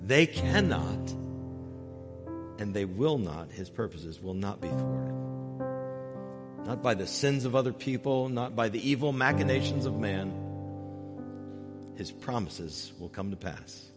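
A man preaching a sermon as pastor, earnest, rising loud on key points and dropping soft and slow when moved. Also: lowish voice, lively intonation. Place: church sanctuary. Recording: long hall reverb with faint music.

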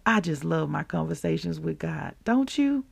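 A woman hosting a devotional show, reading scripture and teaching listeners in an animated, conversational way, calling them y'all. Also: low-pitched, normal speed, gravelly. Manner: animated, laughs often, addresses listeners as y'all. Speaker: podcast host and preacher.

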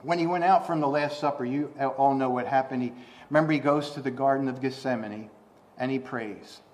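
Fairly quick and mid-range in voice, this preacher reads passages of scripture and unpacks them, often repeating himself and starting over. When he reaches the quoted lines, he breaks into loud, forceful emphasis.

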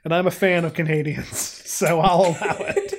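A man co-hosting a podcast, talking casually in a halting, rambling way with fillers and laughs. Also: on the high side, steady tone, a little hiss or hum. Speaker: podcast co-host. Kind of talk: casual chat.

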